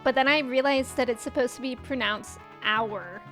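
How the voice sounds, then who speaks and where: A woman's voice: sits high, fairly even intonation, fairly quick, a bit bright. A young woman with a Midwestern American accent, chatting casually and giggling with viewers while she streams a game. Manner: giggly, rambling, chats with viewers. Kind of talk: casual gameplay livestream chat. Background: game music.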